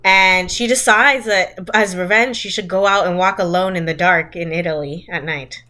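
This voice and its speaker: A woman's voice: on the low side, normal speed. Chatty, laughing woman podcast co-host. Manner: chatty, animated, laughs often. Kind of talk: casual chat, movie roast.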